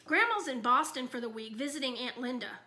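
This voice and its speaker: A woman reading a gentle, practical mom. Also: sits high, animated, a little fast. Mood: calm.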